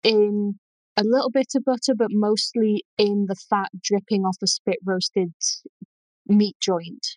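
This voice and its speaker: A woman's voice: medium pitch, flat delivery, measured pace, darkish tone, no echo, low-quality recording. A woman with a Lancashire accent explaining food history in a casual chat, thoughtful and full of ums. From Lancashire, England.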